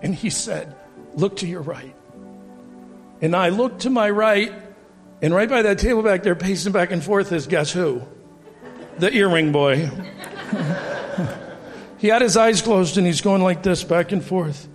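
A man in his 50s with a voice that sits high shares his testimony at church, speaking at a measured pace with long pauses. He acts out dialogue and chuckles at himself before he starts preaching, recorded in a reverberant hall with faint music.

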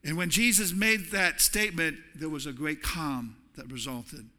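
A man's voice: a little high, moderate pace, sharp tone. A male pastor preaching a sermon in a church sanctuary, in a conversational way that often repeats words as he restarts. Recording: long reverb of a large hall.

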